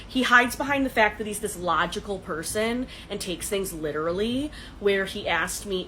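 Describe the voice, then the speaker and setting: A woman's voice: medium pitch, expressive, moderate pace, hardly any pauses, fairly bright tone, a little hiss or hum, low-quality recording. Sarcastic woman recounting a bad date. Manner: dramatic, sarcastic retelling. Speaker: dating content creator. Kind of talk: casual storytelling to camera.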